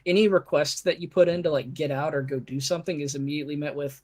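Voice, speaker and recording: Man, game master, higher-pitched, rambling, restarts often, live-stream tabletop narration. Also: fairly even intonation, quick pace, few pauses, a little mellow. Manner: rambling, with frequent restarts and asides.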